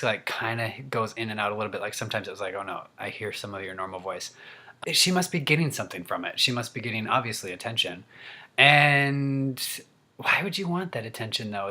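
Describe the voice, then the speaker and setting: Bright-voiced man ranting animatedly. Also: mid-range voice. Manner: animated, gets worked up. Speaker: actor and vlogger. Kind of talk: humorous rant.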